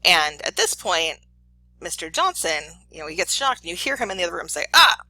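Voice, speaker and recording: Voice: medium pitch, sing-song, fairly quick, pushed and bright, no room sound, low-quality recording. A professor giving a casual classroom lecture, chatty and full of fillers and acted quotes.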